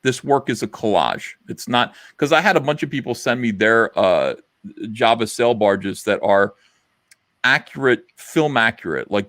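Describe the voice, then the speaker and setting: A man's voice: on the low side, a bit bright, no echo, clean studio sound. A middle-aged man hosting a casual livestream chat, rambling and blunt with lots of fillers. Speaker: livestream host.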